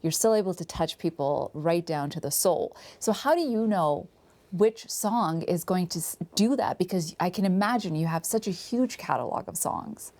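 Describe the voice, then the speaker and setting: A woman interviewing a guest in a casual chat, enthusiastic and affirming, quick to agree. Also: on the low side, expressive, a little mellow.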